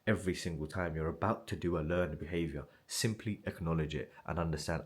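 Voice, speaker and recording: A man's voice: low-pitched, fairly quick, hardly any pauses. A man giving a blunt, casual motivational talk straight to the viewer, swearing freely and often asking "right?". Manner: blunt and swearing, direct address with frequent "right?". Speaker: motivational self-improvement creator.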